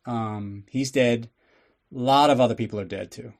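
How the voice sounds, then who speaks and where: A man's voice: medium pitch, moderate pace, creaky. A man with a mid-range voice recapping a film for a podcast audience. His delivery is loose and sarcastic, full of swearing and offhand jokes. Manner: sarcastic and profane, riffing on the plot. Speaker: podcast host. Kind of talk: casual comedic movie recap.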